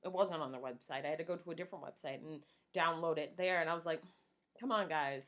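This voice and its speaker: A woman's voice: deep voice, steady tone, fast talker. A woman in her thirties vlogging casually while doing her makeup, rambling, swearing and poking fun at herself. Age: 30s. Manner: rambling, profane and self-mocking.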